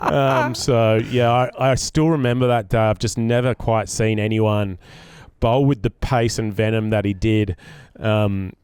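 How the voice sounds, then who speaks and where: A man's voice: fairly low pitch, steady tone, a little slow, a little mellow, clean tone, no echo. An Australian man and former player telling a cricket story in casual chat, with many ums and restarts.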